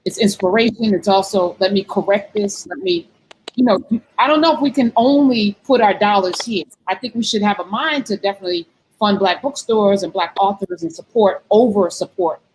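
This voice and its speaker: Woman co-host, mid-pitched, thoughtful and self-correcting, faint background noise. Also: moderate pace, a little mellow, rough recording. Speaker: co-host relaying audience questions. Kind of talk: conversational discussion.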